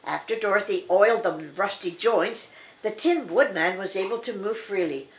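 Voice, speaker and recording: An older woman reading a children's picture book aloud, slow and expressive. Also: medium pitch. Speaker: storybook reader.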